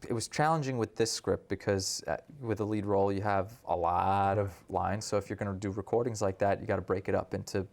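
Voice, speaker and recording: A man, an actor being interviewed, talking in a relaxed, thoughtful way with many "like"s. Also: on the low side, brisk, creaky, hardly any pauses. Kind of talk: casual interview chat.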